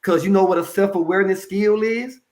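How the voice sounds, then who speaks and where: This is a man with a somewhat high-pitched voice, speaking as a guest in a casual interview about mental health. He tells his stories with animated, colloquial energy and turns to the audience now and then to drive a point home. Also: a little fast.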